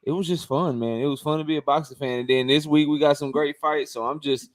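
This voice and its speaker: A man co-hosting a casual boxing talk stream, talking loosely and excitedly, with casual swearing. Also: on the high side, fast talker, dry recording, clean studio sound. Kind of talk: casual live-stream chat.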